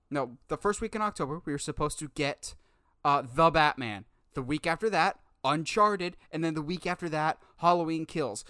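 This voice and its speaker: A man co-hosting a casual movie news podcast, talking in an animated, exasperated way. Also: a little high, clean tone, no room sound, studio quality. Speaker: podcast co-host.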